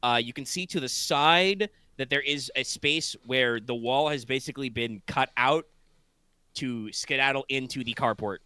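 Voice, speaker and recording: Crisp-voiced drowsy male game master. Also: medium pitch, normal speed, bright, forceful tone, no room sound. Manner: rambling, full of fillers and restarts. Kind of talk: narrating a tabletop game. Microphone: online voice call.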